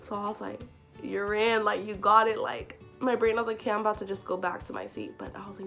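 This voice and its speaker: A young woman telling a story to camera in a casual vlog, chatty and excitable, full of "like" fillers. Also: mid-range voice, fast, vocal fry, soft background music. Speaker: vlogger.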